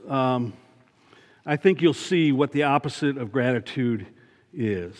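Church elder guy preaching a sermon, earnest, says the main points twice, mid voice, long echo in the sanctuary. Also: medium pitch. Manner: earnest, repeats key points for emphasis.

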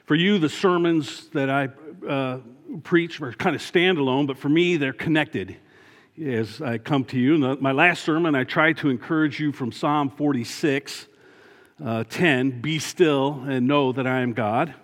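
A man's voice: medium pitch, a little slow. A man serving as a church elder, giving an earnest sermon and repeating his key points for emphasis. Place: church sanctuary. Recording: long church reverb.

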